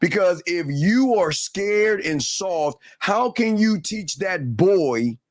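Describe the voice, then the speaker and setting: A man's voice: sits high, lively intonation, slow pace, dry recording, studio quality. A man hosting a show, giving heated, blunt and profane commentary in a ranting, repetitive way. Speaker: host.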